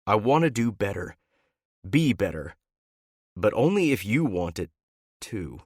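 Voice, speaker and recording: A man narrating a romance audiobook in first person with an expressive, dramatic delivery. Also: lowish voice, measured pace, pauses often, no echo, clean studio sound.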